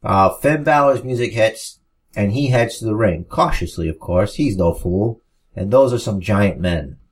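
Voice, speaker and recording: Husky man reading wrestling storylines. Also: lowish voice, unhurried. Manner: relaxed, narrating with asides. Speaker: podcast co-host.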